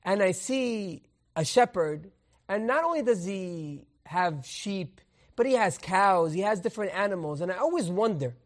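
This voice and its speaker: A man voicing a humble, calm male schoolteacher who explains earnestly. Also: high-pitched, normal speed, pitched below the performer's own voice.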